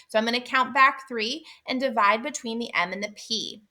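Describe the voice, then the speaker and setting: A woman teaching other teachers about syllable types, patient and clear, sounding out word parts slowly and asking rhetorical questions. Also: fairly high pitch, expressive, sharp tone. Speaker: literacy teacher trainer. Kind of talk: instructional explainer video.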